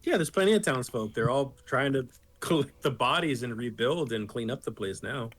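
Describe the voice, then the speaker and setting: A man running a tabletop game as game master, talking casually with many pauses and fillers, and the odd swear. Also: mid-range voice, lively intonation, a bit bright.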